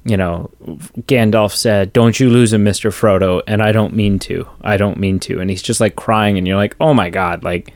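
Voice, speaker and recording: Low-pitched man, enthusiastic podcast co-host, dry close mic. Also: steady tone, moderate pace, hardly any pauses, no echo. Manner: enthusiastic, gushing, acts out lines. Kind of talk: casual movie discussion.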